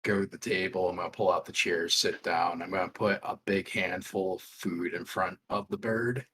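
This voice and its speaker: A man's voice: low voice, fairly even intonation, normal speed, background noise. A man playing in a tabletop game, plainly describing what his character does. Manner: plain, decisive, describes actions. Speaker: player. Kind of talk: tabletop role-play.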